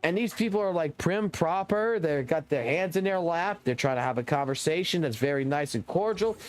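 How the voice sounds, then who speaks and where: A young man from Louisiana with a Southern accent, ranting loudly and profanely while chatting on a live stream. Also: on the high side, normal speed, faint music behind. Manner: loud, profane, energetic ranting. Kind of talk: casual ranting stream chat.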